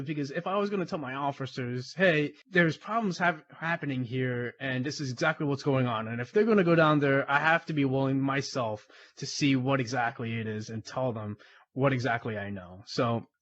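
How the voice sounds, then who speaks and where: A man's voice: mid-range voice, normal speed, muffled recording. A man guest on an interview podcast, telling a story casually, laughing often and acting out the dialogue. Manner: animated, laughs often, acts out quoted dialogue. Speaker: crime analyst guest.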